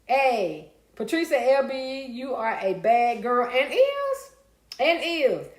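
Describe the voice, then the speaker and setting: Speaking slowly in a high voice with wide swings in pitch, this woman runs a relaxed live stream from an echoey room. She responds to viewer comments she reads out, sometimes singing and laughing along the way.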